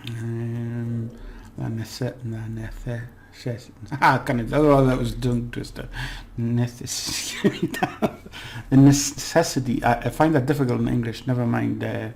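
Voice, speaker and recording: Slow, gravelly-voiced man teaching casually. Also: medium pitch, slight background noise. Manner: relaxed and chatty, repeats words slowly for practice, laughs at himself. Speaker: language teacher. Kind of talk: casual spoken language lesson.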